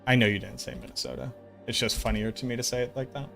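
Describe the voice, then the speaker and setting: A man's voice: medium pitch, little pitch movement, fast, vocal fry, fairly bright tone, faint music behind. A man streaming a game, chatting casually with viewers and riffing on their comments with jokes and swearing. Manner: joking, profane, riffs on chat comments.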